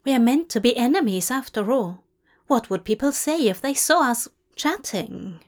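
A woman's voice: expressive, normal speed. A woman doing a fussy, fretful male angel. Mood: flustered. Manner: fretful, apologetic, rises high when upset. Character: fussy anxious male angel, polite and earnest.

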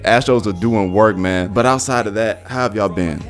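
A young man hosts a podcast in a low voice, telling stories with animated, slangy profanity. His talk is loose and casual, as if chatting with regular listeners. Soft music plays faintly underneath. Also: normal speed. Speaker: podcast host. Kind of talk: casual storytelling monologue.

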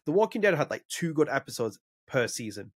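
A man's voice: medium pitch, very animated, a little fast, breathy edge, dry recording, clean studio sound. A man co-hosting a podcast in casual chat, rambling and opinionated, with frequent restarts. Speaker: podcast co-host.

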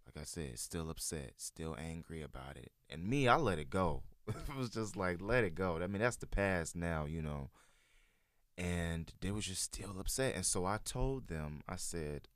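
A deep-voiced man talks easygoingly, full of "um" and "you know" as he tells a story. The recording is dry and close, with little room sound. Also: measured pace, smooth, no room sound. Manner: relaxed, rambling storyteller with many fillers. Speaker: guest sharing his church experience. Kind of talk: casual chat.

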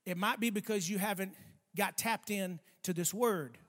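A man preaching a sermon, speaking emphatically, stretching key words slowly and calling for responses from the congregation. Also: sits high, fairly bright tone. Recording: long hall reverb.

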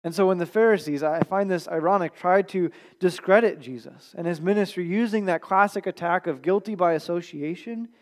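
A male pastor giving a Sunday sermon in a conversational manner, dropping quiet at the ends of phrases. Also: sits high, a little fast, few pauses. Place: church.

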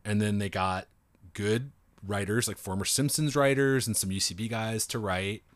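A man in a casual conversation, a comedian and voice director telling animated stories and acting out quotes in a raised voice. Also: on the low side, normal speed, dry recording. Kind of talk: casual chat.

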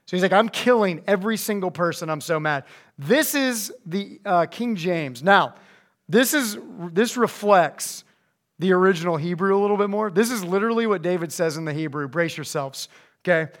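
A young man, a youth pastor, giving an energetic, joking sermon to teenagers and acting out quotes with big jumps in his voice. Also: high voice, normal speed.

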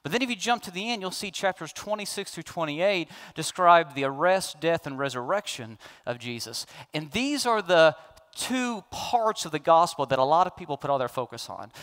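High-voiced man preaching a sermon. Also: a bit bright. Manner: emphatic preaching with rising, pleading questions. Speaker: pastor.

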